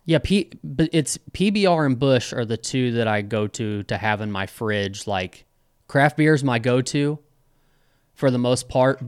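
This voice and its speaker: This young podcast co-host keeps the chat casual, wandering along with frequent fillers and false starts. He has a smooth, mid-range voice, recorded at studio quality without any echo.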